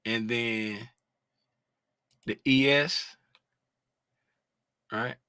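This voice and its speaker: A man's voice: medium pitch, extremely slow, smooth, no room sound, clean studio sound. A man walking viewers through price charts in a live lesson, asking the audience questions and drawing out key terms. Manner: animated, sings out terms, asks the audience questions. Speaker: trading educator.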